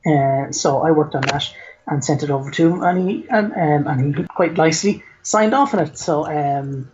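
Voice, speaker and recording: A man's voice: on the high side, normal speed, a little mellow, a little hiss or hum. A man talking as a podcast guest in casual chat, rambling and self-deprecating. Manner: rambling, many fillers and restarts, self-deprecating. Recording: dull lo-fi recording.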